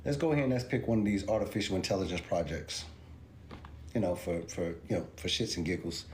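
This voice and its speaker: This male crypto commentator speaks in a deep, animated voice at a fast clip while livestreaming chart analysis for his viewers. He hammers points home by repeating himself and builds up to disbelieving outbursts. A little background noise can be heard.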